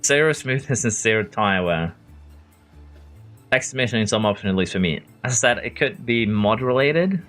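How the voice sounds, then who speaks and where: A man's voice: on the low side, animated, normal speed, a bit bright, soft background music. A man from Norway casually commenting on a racing management game while chatting with viewers. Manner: chatty, answers viewers by name, chuckles often. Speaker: game streamer. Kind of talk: casual gameplay commentary reading chat.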